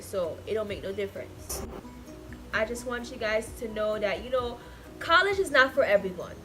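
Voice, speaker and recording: A woman in her twenties venting in a casual vlog, talking emotionally and swinging between loud and soft. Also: a little high. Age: 20s. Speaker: vlogger.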